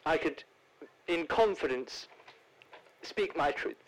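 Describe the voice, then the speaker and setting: A man's voice: on the high side, expressive, takes it slowly, pitched above the performer's own voice, poor audio. A man doing a comic impression of a posh, theatrical older English actress who keeps calling people darling. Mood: grandly plummy. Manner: plummy, affected, calls people darling. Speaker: celebrity caller in a comedy bit.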